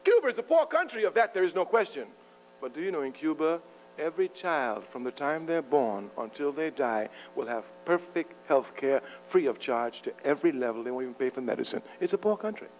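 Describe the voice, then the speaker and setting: A man's voice: a little high, expressive, fairly quick, a little mellow. A man giving a fiery, provocative political lecture to a live audience. He is emphatic and keeps chuckling at his own jabs. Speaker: political speaker. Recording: muffled lo-fi with faint mains hum.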